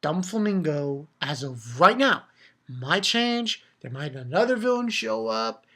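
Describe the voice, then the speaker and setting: A man talks through a comic chapter in a casual solo review. His voice is bright and a little sharp. He rambles in an animated way, cursing freely and breaking off mid-sentence to start again. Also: sits high, a little slow, gravelly. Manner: animated rambling with frequent swearing and restarts. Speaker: manga reviewer.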